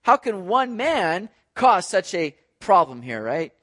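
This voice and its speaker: Exasperated Roman commander, incredulous and questioning, high-pitched, as a preacher puts him on. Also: male voice, very animated, takes it slowly, a bit bright, heavily acted. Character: exasperated Roman army commander, adult man.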